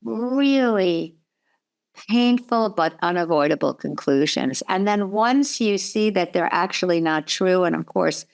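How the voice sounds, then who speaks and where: A woman speaking slowly and earnestly in a reflective conversation, thinking aloud about her own experience. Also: lowish voice, expressive, vocal fry. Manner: slow, earnest, self-reflective.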